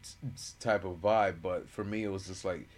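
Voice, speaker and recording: A man's voice: low voice, normal speed. A man in his thirties co-hosting a podcast in casual chat, telling stories animatedly and acting out what people said. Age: 30s. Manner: animated storyteller, acts out quotes. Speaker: podcast co-host.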